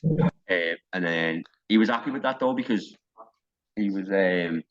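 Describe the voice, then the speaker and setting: A man's voice: low voice, expressive, unhurried, muffled recording. A man, a wrestling coach telling stories in casual podcast chat, rambling with restarts and quoted dialogue. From North West England. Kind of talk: casual storytelling.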